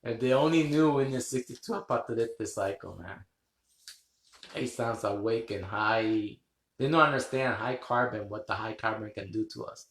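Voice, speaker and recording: A man's voice: on the low side, normal speed, a bit bright, roomy sound, a little hiss or hum. A man hosting a rambling live stream, chatting with viewers, laughing often and swearing casually. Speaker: livestream host.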